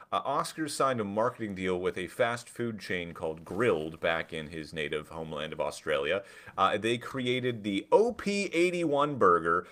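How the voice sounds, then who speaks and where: Lively low-voiced man podcasting. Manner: animated, reads out loud with mock drama. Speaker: podcast co-host. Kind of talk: casual chat.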